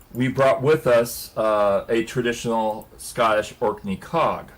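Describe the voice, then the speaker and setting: Speaking slowly in a medium-pitched voice, a man laughs and swears his way through a long tale on a laid-back hangout stream, animated and profane throughout.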